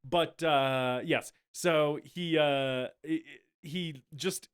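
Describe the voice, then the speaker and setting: A man's voice: fairly high pitch, takes it slowly, clear, resonant tone. A man co-hosting a casual movie-review podcast, talking animatedly, laughing often and swearing freely. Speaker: podcast co-host.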